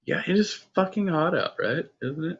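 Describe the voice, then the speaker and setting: A man's voice: on the high side, expressive, moderate pace, fairly bright tone, slightly rough. A man reading his own first-person story aloud, then chatting casually and self-deprecatingly about his writing. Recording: lo-fi, dull sound.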